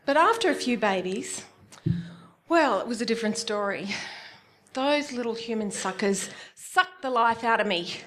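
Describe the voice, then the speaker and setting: A woman with an Australian accent telling a self-mocking comic story on stage at a live event. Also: moderate pace. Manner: animated, self-mocking, with big swoops into high exclamations.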